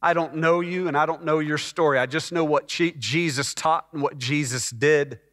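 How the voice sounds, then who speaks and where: A middle-aged pastor from Texas preaching a sermon as a personal testimony, emotional and rising to fervent peaks. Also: male voice, fairly high pitch, steady tone, normal speed, fairly bright tone. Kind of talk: sermon storytelling. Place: church sanctuary. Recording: church hall reverb.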